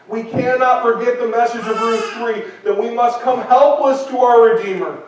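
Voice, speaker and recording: A man with a high, light voice preaches a sermon, driving his points home by repeating them and acting out little quoted speeches. He sounds as if he is well away from the microphone, and the church around him rings with strong echo. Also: steady tone, moderate pace, hardly any pauses, slight background noise. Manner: earnest, repetitive preaching with acted-out quotes. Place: church sanctuary. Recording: echoey church hall from a distance.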